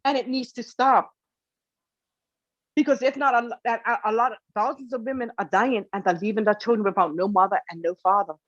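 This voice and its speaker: A woman's voice: fairly high pitch, steady tone, fairly quick, no echo, lo-fi sound. A woman guest telling her own story with emotion, tearful and pleading, repeating herself for emphasis. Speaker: interview guest.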